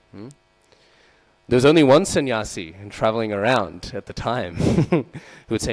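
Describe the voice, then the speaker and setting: A man's voice: animated, moderate pace, a little mellow, rough recording. A man giving a scripture class in a temple, often checking in with his listeners with "hmm?" and "right?" and acting out quoted lines. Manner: acts out quoted lines with raised voice. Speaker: devotional class speaker. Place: temple hall. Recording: low mains hum behind.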